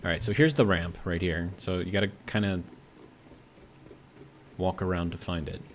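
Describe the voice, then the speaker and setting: At a moderate pace and in a low, steady voice, an American streamer rambles through his gameplay, reads chat messages aloud, and thinks aloud with many filler words. A little hiss or hum is audible.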